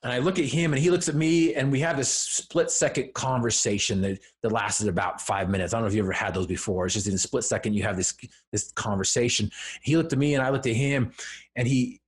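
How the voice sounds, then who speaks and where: A medium-pitched man speaking briskly tells a personal story as a podcast guest. Earnest and emphatic in conversation, he builds up to firm declarations.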